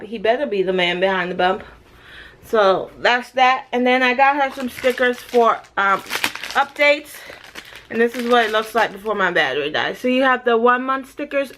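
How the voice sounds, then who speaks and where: Woman from jamaica in her thirties doing a chatty pregnancy vlog, kinda high voice, jokey and teasing herself. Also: fairly bright tone. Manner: chatty, playful, self-mocking asides. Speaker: vlogger. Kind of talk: casual pregnancy update vlog.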